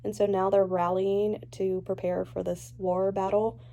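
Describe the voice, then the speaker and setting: A young woman vlogging about a book she is reading, chatty and animated as she swings between gushing and ranting. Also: mid-range voice, unhurried, creaky. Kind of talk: casual reading reaction vlog.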